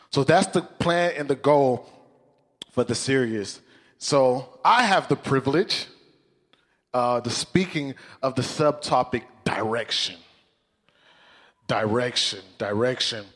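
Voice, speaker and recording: A man preaching as a pastor, emotional and excitable. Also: mid-range voice, unhurried, long reverb tail. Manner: emotional, excitable, laughs often. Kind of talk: sermon.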